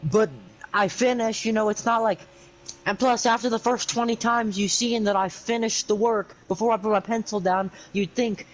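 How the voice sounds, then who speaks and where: A man's voice: high voice, steady tone, moderate pace, rough recording. A young man telling an exasperated, sarcastic, rambling story on a livestream. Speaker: streamer.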